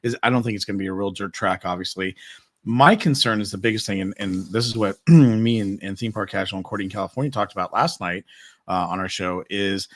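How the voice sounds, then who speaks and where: A man co-hosting a podcast in casual, opinionated chat, sarcastic and quick to mock with exaggerated quotes. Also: fairly low pitch, no echo. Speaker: podcast co-host.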